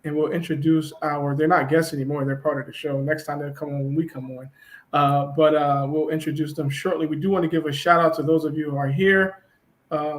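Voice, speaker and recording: A man co-hosting an online talk show, relaxed and easygoing, with lots of fillers. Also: on the high side. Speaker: co-host.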